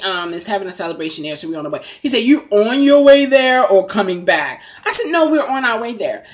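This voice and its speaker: A middle-aged woman telling a story in a casual, animated way and laughing as she retells it. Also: mid-range voice. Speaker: rideshare driver vlogger.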